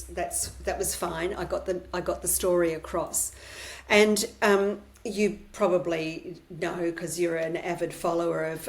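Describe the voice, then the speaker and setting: Middle-aged woman journalist guest, lowish voice, candid and forthright. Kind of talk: podcast interview.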